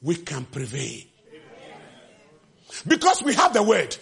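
A man preaching a sermon with passion, shouting refrains and acting out the scripture quotes. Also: huge pitch swings, slow pace, vocal fry. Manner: acts out quotes with sudden pitch jumps.

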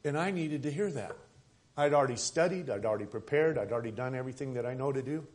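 A man preaching a sermon as pastor at a church service, swinging from loud emphatic lines to soft, hushed ones. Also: mid-range voice, animated, fast.

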